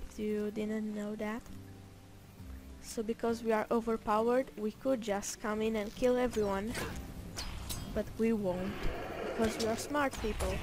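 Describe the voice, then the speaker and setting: A woman giving casual gameplay commentary in a playful, rambling way, with joking asides to herself. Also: mid-range voice. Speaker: gameplay narrator.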